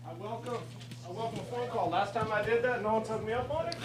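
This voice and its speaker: A man with a high, light voice speaks at a city council podium, fiery and confrontational. His American speech turns pointed and insistent as he presses his case. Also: quick pace, noisy background. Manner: impassioned, confrontational. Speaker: public commenter. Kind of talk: public comment at a council meeting.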